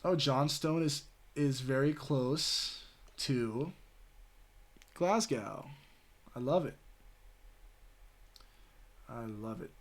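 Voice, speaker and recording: A man's voice: medium pitch, drawn-out words, long pauses. A man from the American Southwest chatting casually with his stream audience, rambling and swearing, full of "you know" and "like". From Southwestern United States.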